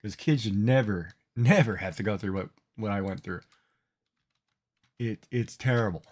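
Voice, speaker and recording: Middle-aged man, casual livestream chatter, rambling, halting restarts. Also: on the low side, a little mellow. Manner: rambling, emotional, repeats words. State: tearful, crying. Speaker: streamer.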